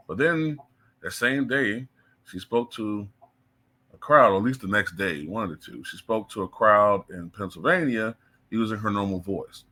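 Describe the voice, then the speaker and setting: A man's voice: on the low side, moderate pace, sharp tone. A man giving blunt, heated opinion commentary as the channel's host, cursing freely. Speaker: political commentator.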